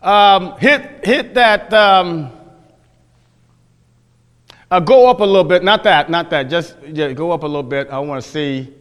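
A man's voice: fairly high pitch, a little slow, pauses often, fairly bright tone, clear, resonant tone. A man teaching a Bible class, folksy, questioning his listeners, often restarting his sentences. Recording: echoey hall.

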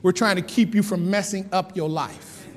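A male pastor preaching a lively sermon, repeating lines for emphasis and laughing often. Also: sits high, moderate pace. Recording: long hall reverb.

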